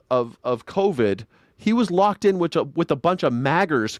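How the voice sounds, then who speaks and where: A man's voice: on the high side, no room sound, studio quality. A man hosting a live news reaction show, talking in a sarcastic, rambling way with many stumbling restarts. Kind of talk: casual political commentary.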